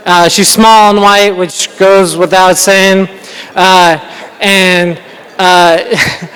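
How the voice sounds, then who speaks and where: An American man performs a stand-up comedy set in a large banquet hall, rambling, self-deprecating, and often laughing at his own jokes. His high voice is a bit bright, clear, and resonant, and the hall is reverberant.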